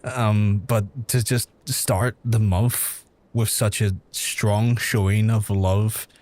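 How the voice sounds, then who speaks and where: A man streaming live, overwhelmed and swearing, holding back from shouting. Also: on the low side, steady tone, slow. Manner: emotional, swearing, restrained from shouting. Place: room at home.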